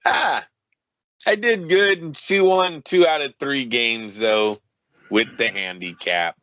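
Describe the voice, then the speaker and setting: Male co-host, slow delivery, bright tone, stumbling repeats, muffled dry recording. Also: medium pitch, no echo. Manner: halting, repeats himself. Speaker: podcast co-host. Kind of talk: casual chat.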